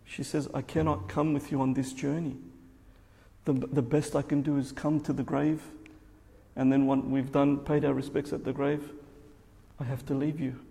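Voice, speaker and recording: Gravelly-voiced man preaching in a reverberant hall. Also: mid-range voice, level tone, dark tone. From Australia. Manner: storytelling, slow and emphatic, voicing characters in quotes. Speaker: religious teacher. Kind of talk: sermon.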